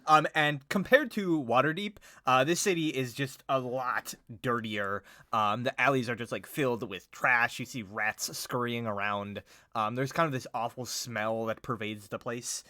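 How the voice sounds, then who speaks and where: A man's voice: medium pitch, moderate pace, sharp tone, dry recording. Young male game master, loose rambling narration, dry close mic. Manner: rambling, many fillers, casual.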